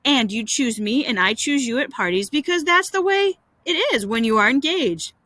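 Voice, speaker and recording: An eager, boastful schoolboy from a storybook, coaxing and bragging in a bright, lively voice, as a woman reads him aloud. The delivery is dry and close, with the pitch bouncing high as he pleads. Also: normal speed, dry recording. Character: boastful young schoolboy smitten with a girl.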